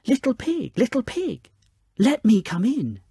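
A woman voicing a greedy, gruff male wolf in a storybook reading, growling and snarling his threats. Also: fairly high pitch, huge pitch swings, unhurried, dark tone, no echo, studio quality, pitched above the performer's own voice, exaggerated voice. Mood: menacing.

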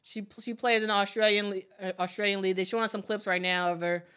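Bright, excitable woman stream host. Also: mid-range voice, fast, smooth. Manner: chatty and excitable, repeats her phrases; reads viewer comments aloud. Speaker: host of a draft watch party stream. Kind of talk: casual live commentary.

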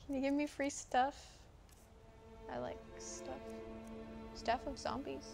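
Brief: bubbly young woman, higher voice, casual gameplay commentary over game music. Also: big pitch swings, takes it slowly, creaky. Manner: bubbly, chatty, exclaims often. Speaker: gamer playing a first playthrough. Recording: game music playing behind.

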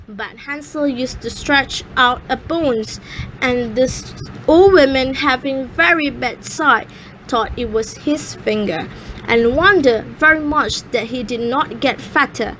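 Woman slowly reading a fairy tale. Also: sits high, fairly bright tone, slight background noise, rough recording. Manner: careful, slightly halting reading with small slips. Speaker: storyteller.

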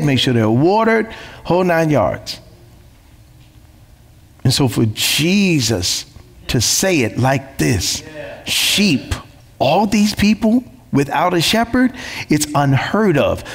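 A man delivers a sermon in a gravelly voice that swings up and down with lively pitch. He presses his points through repetition and rhetorical questions. His voice rings out with a long hall reverb. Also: unhurried. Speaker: pastor.

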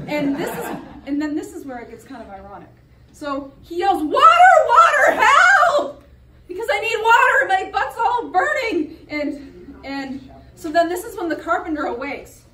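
Young woman student chatting thru a class presentation, high voice, far from the mic, faint noise. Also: echoey room. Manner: chatty, giggly retelling with fillers.

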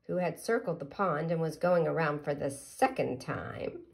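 A woman reading a picture book aloud to children, gently asking them questions about the pictures. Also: sits low, lively intonation, normal speed, creaky, few pauses.

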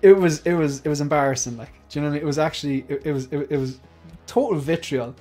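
A man's voice: a little high, fast talker, darkish tone, soft background music. A man hosting a casual livestream panel, chatty and jokey, rambling with frequent restarts. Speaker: livestream host.

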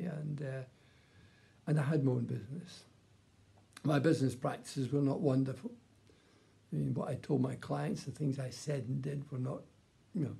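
A man's voice: on the high side, gravelly, dark tone. An older man telling his personal faith testimony in a plain, earnest storytelling way. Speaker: testimony speaker.

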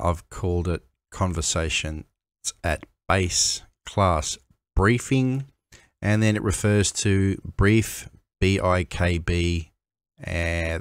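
A man making a game-editing tutorial, explaining in a measured, step-by-step way with pauses. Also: sits low, no room sound, studio quality. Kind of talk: screen-recorded software tutorial.

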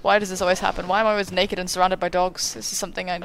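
A woman hosting a let's play, giving casual gameplay commentary, giggly and excitable with sudden exclamations. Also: fairly low pitch, very fast, clear, resonant tone.

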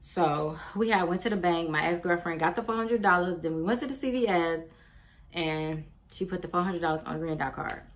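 Woman in her 20s, storytime vlogger: blunt, animated, curses freely. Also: fairly low pitch, brisk. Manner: animated, blunt, swears freely, acts out quotes. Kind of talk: casual storytime.

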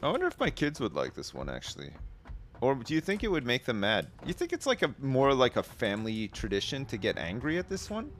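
British male streamer, sweary, dry sarcastic banter, lively swooping pitch. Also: brisk, a little hiss or hum. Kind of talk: casual live game commentary.

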